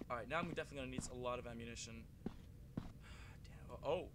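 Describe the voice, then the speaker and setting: A man's voice: medium pitch, fast, pauses often. A young man hosting a gaming channel, giving rambling let's play commentary full of fillers and breaking into yelps and swears when the game startles him. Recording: audible clicking and background noise.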